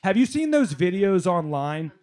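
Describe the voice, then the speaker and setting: Male stand-up comedian, lively delivery, slightly higher voice, live club stage. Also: moderate pace. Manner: animated storytelling, crowd work, shouted punchlines.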